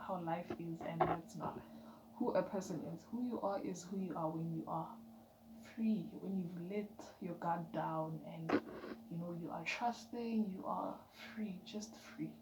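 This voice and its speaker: A woman giving an emphatic, chatty motivational vlog talk, dropping now and then into soft whispered asides. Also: lowish voice. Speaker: vlogger. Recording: echoey room with background noise.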